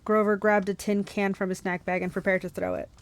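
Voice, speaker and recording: A young woman reading a novel aloud for a book club, lively, with laughs and asides. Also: medium pitch, a little fast, no echo.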